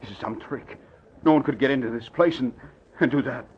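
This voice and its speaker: An actor playing a frightened foreign prisoner who speaks in stiff, formal phrases, in an old radio drama. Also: male voice, mid-range voice, brisk, slight background noise, lightly acted. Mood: panicked. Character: frightened foreign male prisoner, middle-aged. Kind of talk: 1940s radio acting. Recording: dull lo-fi old radio recording.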